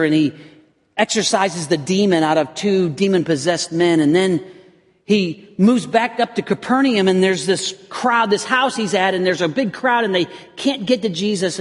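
A pastor preaches a sermon in a high, slightly husky voice amid the long reverb of a church hall. Earnest, he frequently restarts phrases while building to intense emphasis.

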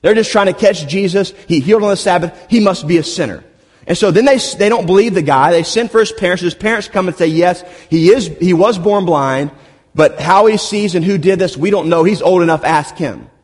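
A man's voice: sits high, brisk, darkish tone. A man preaching a sermon, retelling scenes with playful asides and humor. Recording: long hall reverb.

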